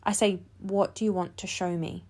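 A woman talks through a reading she gave as a medium, in a casual, chatty way. She fills her sentences with "like" and "um" and acts out the back-and-forth with lively quotes. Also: mid-range voice, normal speed. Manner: chatty, animated, many fillers and "like". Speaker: medium, podcast host. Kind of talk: casual storytelling to listeners.

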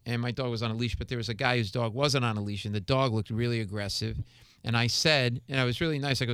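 A man, a comedian guest, telling animated stories in casual chat, acting out the quotes and swearing freely. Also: medium pitch, quick pace, clear, resonant tone, no room sound, clean studio sound.

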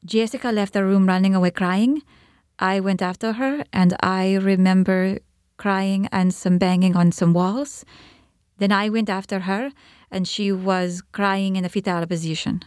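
A young woman testifying as a witness in court, answering in a halting, hesitant way. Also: mid-range voice, steady tone, darkish tone, clean tone, no room sound, clean studio sound. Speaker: trial witness.

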